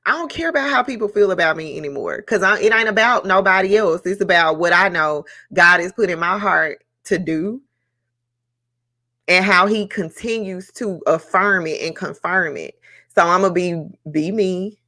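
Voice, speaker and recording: A woman hosting a book club discussion on a live stream, speaking in a reflective, emotional way with many pauses and fillers. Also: fairly low pitch, sharp tone.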